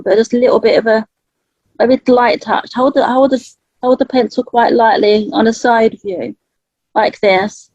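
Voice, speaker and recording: Gentle chatty woman, dull audio. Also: on the high side, no room sound. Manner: gentle, chatty, laughs often. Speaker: spirit artist. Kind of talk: live psychic drawing session.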